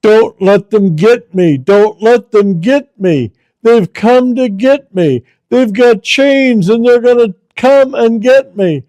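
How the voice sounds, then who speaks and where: A man's voice: extremely high pitch, takes it slowly, hardly any pauses, a little mellow, no room sound, pitched above the performer's own voice. A man voicing a dying old woman who screams frantically, pleading in terror. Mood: terrified.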